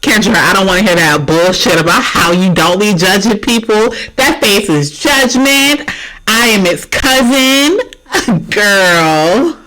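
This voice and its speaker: A reaction host talking back at a video, animated and laughing, swearing freely and speaking straight to the viewers. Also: mid-range voice, slow, low-quality recording. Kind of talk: loud reaction commentary.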